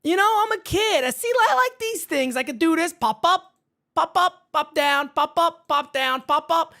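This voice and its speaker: A man hosting a baseball fan live stream from his home setup, hyped and shouting out viewers in the chat by name. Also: very high-pitched, expressive, moderate pace, vocal fry. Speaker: baseball fan show host.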